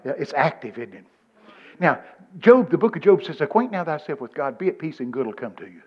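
A man, preaching a sermon in a folksy, animated storytelling way, quoting scripture. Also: a little high, a little fast, breathy edge, dull audio. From Texas. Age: 70s.

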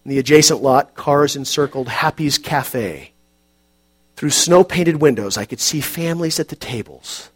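A man calmly narrating an audiobook in a measured, quiet, reflective way. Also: on the high side, husky.

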